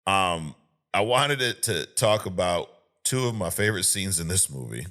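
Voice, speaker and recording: Profane, animated storyteller guy. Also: low voice, moderate pace. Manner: profane, animated storyteller who acts out scenes. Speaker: podcast co-host. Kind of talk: casual movie chat.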